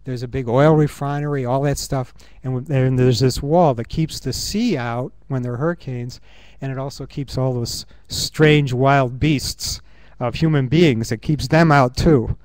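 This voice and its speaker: A man's voice: medium pitch, fairly even intonation, a little mellow, no room sound. Earnest man giving a talk. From United States. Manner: earnest, musing, thinks aloud with pauses and fillers. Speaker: conference speaker. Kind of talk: reflective conference talk. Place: university conference room.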